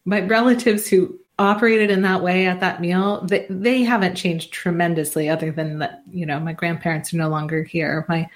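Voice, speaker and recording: A woman in her forties, a communication consultant, telling a story in a relaxed interview with frequent laughs and fillers. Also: fairly low pitch, normal speed, hardly any pauses.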